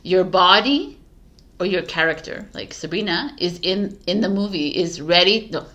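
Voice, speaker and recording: Female tarot host, slightly low voice, casual and giggly, talks to camera. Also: expressive, moderate pace, fairly bright tone. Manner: giggly, flustered, restarting intro. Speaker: tarot reader.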